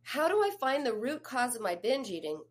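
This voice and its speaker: A woman's voice: fairly high pitch, very animated, a little fast. A woman therapist and coach giving an advice talk, speaking conversationally and putting questions straight to the listener. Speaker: eating disorder therapist and coach.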